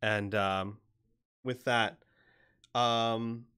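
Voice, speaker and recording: A man narrating as game master of a tabletop game, relaxed and halting with fillers. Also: on the low side, clean tone.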